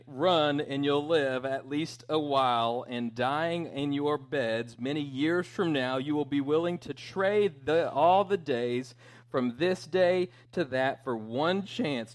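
A preacher playing a defiant medieval rebel leader roaring at his army before battle. Each line comes slow and loud, pitched a little higher, with a rousing, drawn-out swagger. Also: natural voice.

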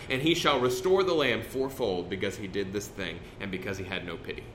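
A man's voice: fairly low pitch, fairly quick, few pauses, a bit bright, slight background noise. A man preaching a sermon in a conversational, folksy way, often breaking off and restarting his sentences. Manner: conversational, folksy, with self-interruptions.

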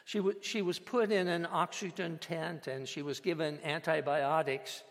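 A man preaching a sermon as a pastor, measured and emphatic, with dramatic pauses. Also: fairly high pitch, fairly even intonation. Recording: long hall reverb.

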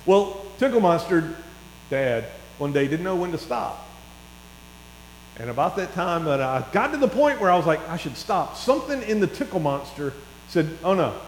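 A middle-aged man preaching a sermon in a church, chatty and telling stories that swell into excited bursts. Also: fairly high pitch, moderate pace. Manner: conversational, rising to excited storytelling. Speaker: pastor. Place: church hall. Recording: echoey hall with faint mains hum.

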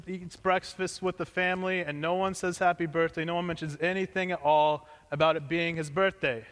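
A man's voice: high-pitched, fairly bright tone, long reverb tail. A young male pastor telling a joking personal story as part of a sermon, in a conversational way.

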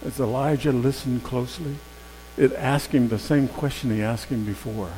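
A man preaching a sermon in a conversational storytelling way, swinging from loud emphasis to hushed tones. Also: medium pitch, a little fast. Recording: long hall reverb with faint mains hum.

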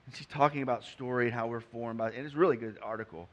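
A man's voice: mid-range voice, steady tone, quick pace. A man preaching a conversational sermon, acting out the figures he quotes. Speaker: pastor.

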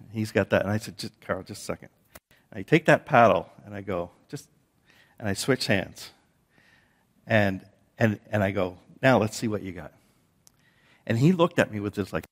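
Low-voiced man preaching with restarts. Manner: storytelling with frequent repeated words and restarts. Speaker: pastor. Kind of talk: sermon.

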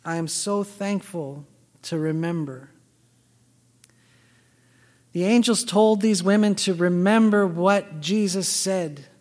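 A high-voiced male pastor delivers a sermon in a church sanctuary, telling personal stories and acting out both sides of conversations. His voice rings out with a long reverberant tail from the large hall. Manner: personal storytelling, acting out quoted dialogue.

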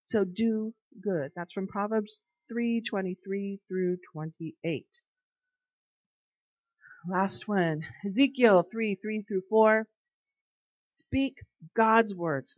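A woman's voice: mid-range voice, no echo. Woman, devotional talk, earnest and chatty, dry dull recording. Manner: earnest and conversational, slows to stress key phrases. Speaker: Bible study leader. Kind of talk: informal devotional talk with storytelling.

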